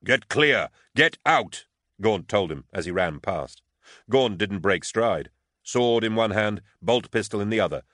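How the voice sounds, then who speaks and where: A man reads an audiobook in a steady, even storytelling manner. His voice sits low and is recorded on a close, dry studio mic. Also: no echo. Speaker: audiobook narrator. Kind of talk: scripted audiobook narration.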